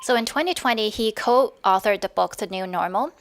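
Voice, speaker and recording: A woman's voice: mid-range voice, moderate pace. A woman moderating an online roundtable over a video call, laughing often and reading a panelist's introduction.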